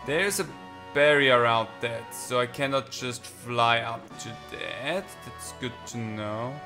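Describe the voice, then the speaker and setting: A man's voice: medium pitch, takes it slowly, pushed and bright, faint music behind. A man giving casual, rambling, self-mocking commentary while he plays a video game. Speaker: gaming channel host. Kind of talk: casual let's-play commentary.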